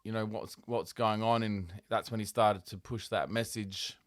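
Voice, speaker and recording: A man's voice: on the low side, fairly even intonation, normal speed, no echo, studio quality. A man hosting a casual podcast chat, laid-back, swearing freely and laughing often. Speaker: podcast host.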